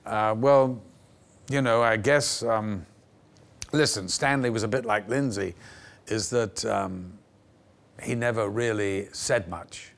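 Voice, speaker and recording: An older man tells his stories with relish as a TV guest. He is an animated raconteur who lets his pitch rise and fall as he acts out the people in his anecdotes. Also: takes it slowly, gravelly, pauses often. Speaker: actor guest. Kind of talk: anecdotal interview storytelling. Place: television studio.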